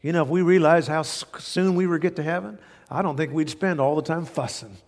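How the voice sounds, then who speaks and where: A man's voice: a little high, fairly quick. A male pastor preaching a sermon in earnest, hammering points home by repetition and folksy stories. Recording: long reverb of a large hall.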